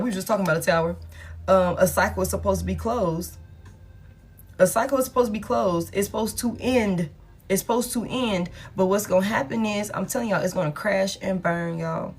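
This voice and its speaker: A woman's voice: medium pitch, a little hiss or hum. A woman reading tarot cards for her viewers in a casual, blunt, profane way, talking straight to them. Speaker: tarot reader.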